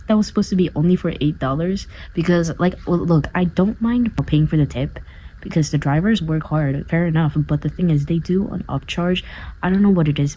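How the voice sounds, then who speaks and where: A woman's voice: deep voice, warm tone, slight background noise, low-quality recording. A young woman chatting casually to camera in a vlog, rambling with lots of fillers; English is not her first language. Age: young adult. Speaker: vlogger. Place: dorm room, sounding echoey.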